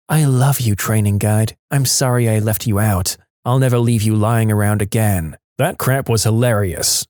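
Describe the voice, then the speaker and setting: A man narrating reader-submitted stories in a lively scripted storytelling manner. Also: mid-range voice, dry recording, clean studio sound.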